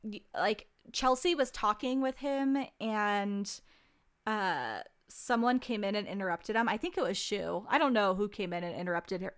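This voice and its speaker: A woman's voice: mid-range voice, expressive, moderate pace, clear, resonant tone. A young woman in casual chat, recapping a reality show with lots of "like" and "um" and free swearing. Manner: chatty, swears freely, lots of "like" and "um".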